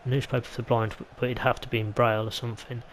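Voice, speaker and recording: The audio is poor, with a little hiss or hum, as an English man talks fast in a medium-pitched voice with little pitch movement. He's a gaming YouTuber commentating on his own football game play, chatty and rambling with mild asides.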